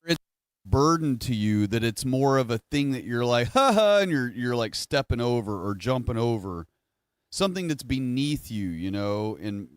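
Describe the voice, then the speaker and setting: A man's voice: mid-range voice, animated, moderate pace, clean tone, no room sound. A man talking to his audience in a casual livestream monologue, rambling and correcting himself as he goes. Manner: rambling, self-correcting, conversational. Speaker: streamer.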